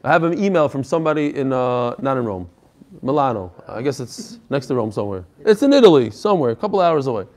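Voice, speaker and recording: A man teaching a Talmud class, reading Hebrew and Aramaic passages and explaining them in English with animated emphasis. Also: mid-range voice, quick pace.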